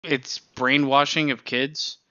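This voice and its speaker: A man's voice: mid-range voice, little pitch movement, slow, bright, forceful tone, highs cut off. A man co-hosting a podcast in casual chat, ranting with frequent swearing and laughter. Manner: profane, ranting, laughs often. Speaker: podcast co-host.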